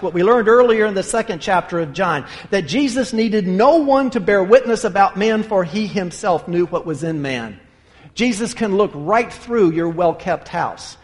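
A male pastor preaching a sermon, emphatic and conversational, dropping to hushed near-whispers for emphasis. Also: high voice. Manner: anecdotal, conversational asides. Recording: long hall reverb.

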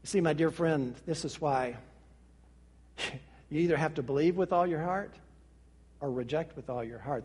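High-voiced preacher in a reverberant hall. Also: male voice, slightly rough. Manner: preaching with sweeping swings between hushed and rising passages. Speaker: pastor. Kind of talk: sermon.

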